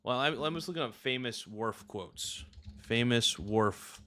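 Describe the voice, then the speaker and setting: A man's voice: lowish voice, moderate pace, a bit bright, slight background noise. Rambling joking male streamer. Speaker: livestream host. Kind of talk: casual livestream chat.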